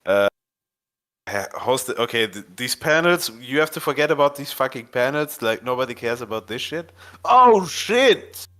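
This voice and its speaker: A man's voice: mid-range voice, normal speed, fairly bright tone. A man hosting a live stream in casual chat, swearing often and thinking aloud in scattered bursts. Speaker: stream host.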